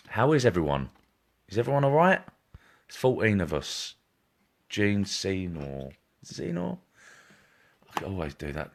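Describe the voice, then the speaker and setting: A man with a very low voice giving psychic readings on a live stream. He repeats himself, reassures often and calls viewers by name.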